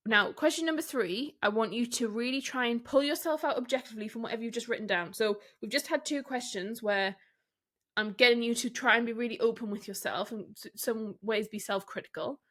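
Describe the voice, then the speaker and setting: A woman hosting a solo business podcast, coaching listeners in a direct, candid way with rhetorical questions and quick laughs. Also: on the high side, fairly bright tone.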